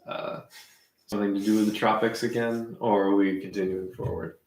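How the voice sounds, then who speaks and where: A man playing an improv word game, talking in a halting, musing way. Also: on the low side, little pitch movement, reverberant. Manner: halting, musing, full of fillers.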